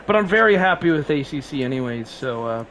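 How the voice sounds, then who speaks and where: A man's voice: medium pitch, expressive, fast talker, fairly bright tone, a little hiss or hum. A man streaming a racing game live, chatting casually and rambling with frequent laughs, sleep-deprived and coughing.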